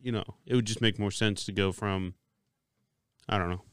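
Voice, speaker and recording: A man's voice: fairly low pitch, steady tone, normal speed, clear, resonant tone, no room sound, studio quality. A young man co-hosting a podcast, laid-back and offhand in casual talk. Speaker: podcast co-host. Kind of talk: casual chat.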